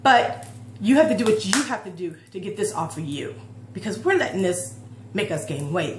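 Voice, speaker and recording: Woman, 40s, fitness vlogger, earnest rambling confession, mid pitch, roomy sound. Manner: heartfelt, emotional, rambling with restarts. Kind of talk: personal confessional vlog talk. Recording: roomy echo with faint hum.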